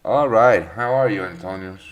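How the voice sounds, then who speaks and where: A man's voice: on the low side, moderate pace, dull audio, soft background music. A man hosting a live trading webinar, chatting casually, greeting viewers by name with many fillers and restarts. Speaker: trading session host.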